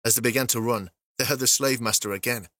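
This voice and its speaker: A man narrating a fantasy story as an audiobook, steady and even. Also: mid-range voice, quick pace, no room sound, clean studio sound.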